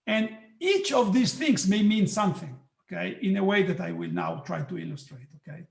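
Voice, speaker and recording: A man giving a physics lecture online, halting, with many restarts and frequent "okay"s. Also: sits high, gravelly, roomy sound. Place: hot room.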